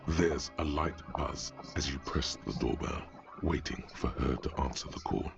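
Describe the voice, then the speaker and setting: An actor voicing a grave, brooding inner-voice narrator in scripted game narration. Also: male voice, a bass voice, a little slow, vocal fry, dull audio, soft background music, full character voice.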